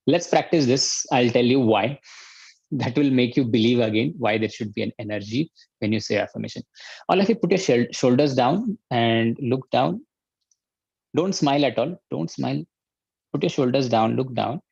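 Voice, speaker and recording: A man with an Indian accent, a life coach leading an online workshop, energetic and urging, repeating his commands. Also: medium pitch, moderate pace, creaky, long pauses, slightly rough, no room sound, dull audio.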